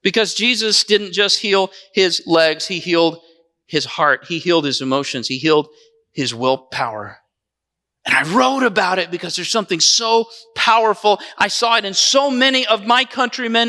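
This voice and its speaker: A male pastor delivering a dramatized first-person sermon, telling the story dramatically and swinging between lively and hushed passages. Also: high voice, normal speed. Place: church sanctuary. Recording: echoey church hall.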